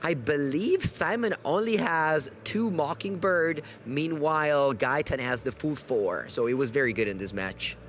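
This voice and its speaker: A man giving lively, analytical live commentary on a card game match, correcting himself as he goes. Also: a little high, a little slow, hardly any pauses. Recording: faint background noise.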